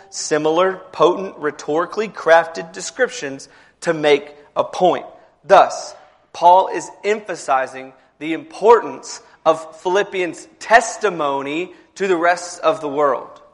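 Guy preaching in a church, kinda high voice, chatty, repeats himself then gets all emphatic. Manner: conversational, repeats words, builds to emphatic passages. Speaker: pastor. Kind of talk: sermon.

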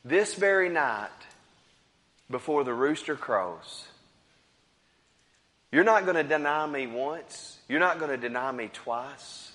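A preacher's hushed low Jesus voice. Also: male voice, expressive, takes it slowly, pauses often, big-room sound. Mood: gently stern. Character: Jesus, calm and gently stern.

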